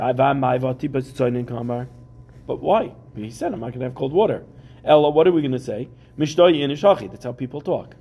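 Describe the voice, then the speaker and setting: Gravelly, mellow man teaching Talmud. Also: mid-range voice, slight background noise. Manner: reads Aramaic text then explains it in casual English with everyday examples. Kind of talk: Talmud class lecture. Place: classroom with students.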